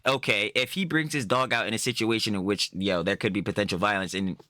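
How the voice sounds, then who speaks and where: A man's voice: lowish voice, fast talker, no room sound, studio quality. A man hosting a reaction channel, mocking and swearing freely as he rants through casual commentary. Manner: blunt, mocking, swears constantly, rants loudly.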